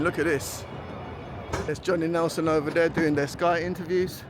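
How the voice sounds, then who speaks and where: A man from East London with an East London accent, vlogging in a chatty, animated, slangy way, talking outdoors by a stadium. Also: fairly high pitch, normal speed, over music. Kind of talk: casual vlog talk to camera.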